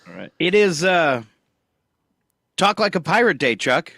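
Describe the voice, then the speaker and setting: Bright, lively male radio co-host. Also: fairly high pitch, a little slow, creaky, no room sound, clean studio sound. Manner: chatty, playful, reads lists aloud. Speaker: radio morning show co-host. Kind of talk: casual radio banter. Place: radio studio. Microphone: studio microphone.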